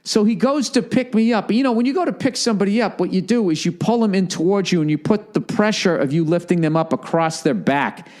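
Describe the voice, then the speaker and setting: A man's voice: fairly quick, few pauses. A middle-aged man with a Boston accent hosting a podcast, telling a comedic story with swearing and acting out other people. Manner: profane, animated, acts out quoted people in higher voices. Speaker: podcast host.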